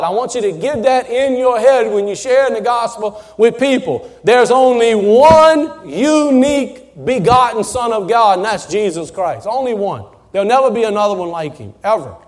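A man preaching a sermon to his congregation in a church, folksy and conversational, with rhetorical questions, swinging between loud emphatic bursts and soft asides. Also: very high voice. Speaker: pastor.

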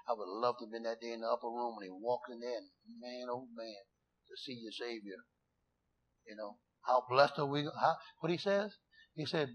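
A middle-aged man preaching a sermon in a folksy, emphatic way, reading scripture slowly and telling stories full of quoted dialogue. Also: mid-range voice, a bit bright.

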